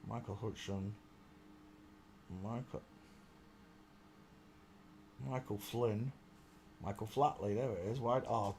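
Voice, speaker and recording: A man's voice: on the low side, warm tone, a little hiss or hum. A man hosting a casual live stream, chatty and exclaiming, muttering to himself as he searches.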